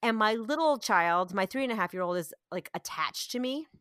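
A woman's voice: medium pitch, brisk, smooth, no echo, clean studio sound. A woman in her thirties in casual chat, animatedly telling family stories and acting out voices. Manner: animated storyteller, acts out voices, laughs often.

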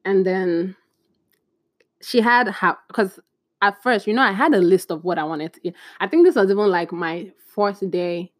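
Young woman, casual storytime vlog, chatty and animated, mid-pitched voice, dry close sound. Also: normal speed, no room sound. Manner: chatty and animated, acting out dialogue with exclamations. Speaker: vlogger.

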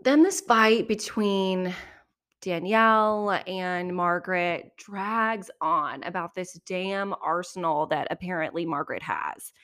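A young woman hosts a casual recap podcast, her lowish voice running through chatty, opinionated takes. She throws in quick asides as she goes. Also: a bit bright. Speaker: podcast host.

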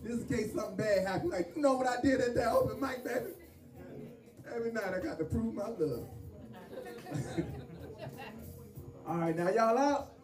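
A man's voice: extremely high pitch, normal speed, pauses often, a crowd in the background. A man hosting a comedy show, riffing in loose, joking bursts between laughs. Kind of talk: stand-up comedy. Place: live venue stage. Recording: roomy hall from a distance with music.

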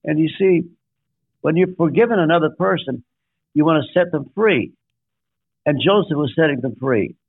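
Speaking at normal speed, an older guest pastor with a voice on the high side, creaky with a breathy edge, pauses often. He tells a sermon-like story with emphatic numbered points and acted-out quotes, and the line sounds dry and tinny, like a phone.

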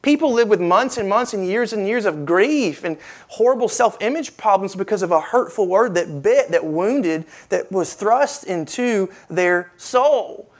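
An earnest woman preaches a sermon in a middle-pitched voice. She presses her points with rhetorical questions and repeats key lines for emphasis. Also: expressive, unhurried.

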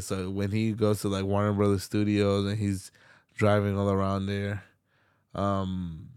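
A young man hosting a solo podcast, talking in a laid-back, slangy, heavily swearing way and getting animated when he retells movie scenes. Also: lowish voice, clear, resonant tone, dry recording, studio quality. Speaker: podcast host. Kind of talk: casual solo podcast rant.

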